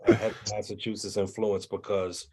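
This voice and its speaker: Husky-voiced Connecticut man, relaxed. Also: fairly low pitch, brisk. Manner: relaxed, chuckling, reflective. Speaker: guest producer. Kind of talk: casual chat.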